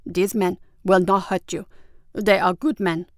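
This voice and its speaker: A woman reading a story, voicing a tense young man who speaks low and hushed. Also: steady tone, a little slow, no echo, clean studio sound, natural voice. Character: tense, scheming young man, harsh whisper.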